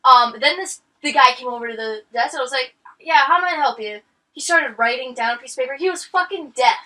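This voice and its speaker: A woman's voice: high-pitched, expressive, fast talker, sharp tone, far from the mic. A young woman co-hosting a gaming channel, telling stories casually and swearing freely. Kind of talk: casual storytelling over gameplay.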